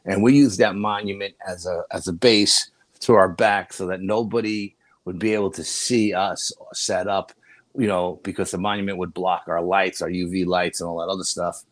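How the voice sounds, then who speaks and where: A man's voice: sits low, steady tone, normal speed, dry recording. An older man, a paranormal investigator and guest, tells a rambling story in a casual way, with many restarts and "you know"s.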